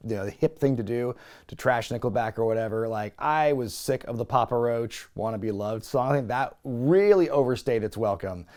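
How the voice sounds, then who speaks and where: A young man hosting a casual wrestling recap, animated and sarcastic, laughing often. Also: mid-range voice. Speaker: wrestling review host.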